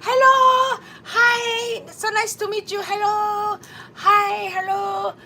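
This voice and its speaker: A woman's voice: very high voice, level tone, slow pace, bright, forceful tone, slight background noise, pitched above the performer's own voice, full character voice. A woman putting on a jittery, starstruck young woman greeting a camera, breathless and near tears. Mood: giddy nervous.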